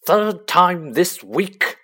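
A man's voice: on the high side, very animated, unhurried, bright, forceful tone, slightly rough, pitched above the performer's own voice, full character voice. A man voicing a blustering, bullying middle-aged uncle who snarls and roars. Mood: exasperated. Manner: roaring, snarling, thundering.

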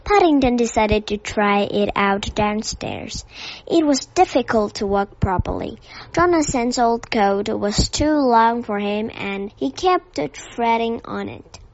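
Slow woman reading a storybook. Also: on the high side, expressive. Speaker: narrator. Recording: dull dry lo-fi recording.

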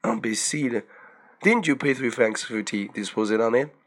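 A man reading aloud voices an excitable young peasant woman who scolds in loud, shrill outbursts. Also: normal speed, lightly acted. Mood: scolding.

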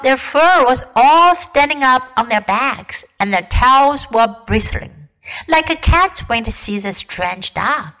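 A woman teacher reading a classic storybook aloud in a careful, expressive way. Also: high-pitched, slow pace, low-quality recording.

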